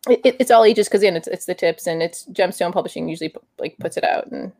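A woman's voice: on the low side, quick pace, warm tone, no room sound, studio quality. A woman co-hosting a casual podcast chat about comic books, rambling with frequent restarts. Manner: rambling, many restarts, self-described nerd. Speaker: podcast co-host.

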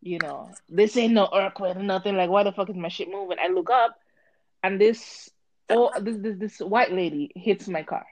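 A woman telling a story in casual chat, animated and swearing, acting out both sides with a voice she calls harsh. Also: medium pitch, normal speed, no echo, rough recording. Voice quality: harsh-sounding voice.

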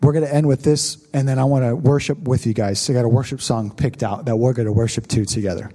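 A man's voice: mid-range voice, fairly even intonation, fast, warm tone. A young adult male pastor telling a personal story in a conversational sermon, talking to the congregation.

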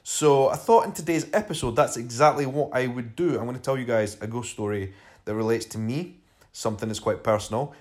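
A podcast host from Scotland with an Edinburgh accent talks briskly in a mid-range, darkish voice. He shares a personal story in a casual, chatty way.

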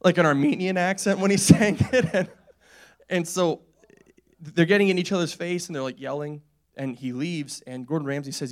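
A man's voice: fairly high pitch, steady tone, brisk. A young man preaching a casual, conversational sermon in a church, repeating phrases and laughing often.

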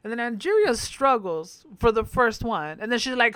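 A man's voice: very high-pitched, animated, normal speed, fairly bright tone, clean tone, dry recording. A man hosting a podcast, giving a campy, profane recap full of laughter. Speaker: podcast host. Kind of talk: casual recap commentary.

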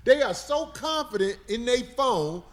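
A man with a high voice rants heatedly in a casual podcast chat. His pitch swings widely as he swears and presses his point. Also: expressive, measured pace. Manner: heated ranting, profane.

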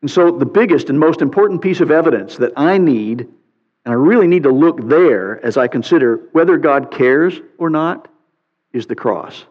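A man preaching a sermon as a pastor, reading scripture aloud in an animated way with playful sarcasm. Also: on the high side, moderate pace. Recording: muffled sound with long hall reverb.

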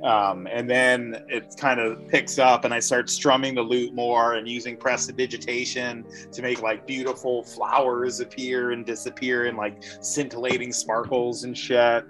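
A man playing a bard in a tabletop game, relaxed as he describes his actions. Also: mid-range voice, normal speed, few pauses, soft background music. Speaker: player.

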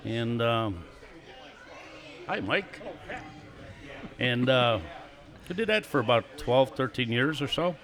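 An older man in his sixties, a guest on a live show, relaxed and chatty as he tells his stories. His voice sits in an ordinary middle pitch and breaks into small chuckles between stories. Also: slow pace, pauses often. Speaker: guest, former stock car racer. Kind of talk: casual storytelling interview.

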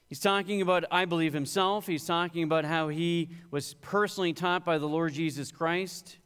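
A man's voice: a little high, fairly bright tone, clean tone. A male pastor preaching a sermon, rising in emphasis on quoted scripture. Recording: long hall reverb.

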